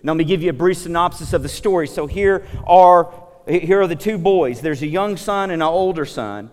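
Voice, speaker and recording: A man preaching a casual, animated sermon, retelling the story with asides to the congregation. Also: on the high side, normal speed, in a large hall. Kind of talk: conversational sermon.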